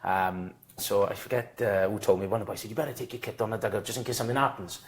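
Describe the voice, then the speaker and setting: A man in his thirties with a South Welsh accent, a podcast guest telling a sweary, animated football story in casual chat. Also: lowish voice, rapid-fire. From Wales. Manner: swearing, animated anecdote teller acting out dialogue.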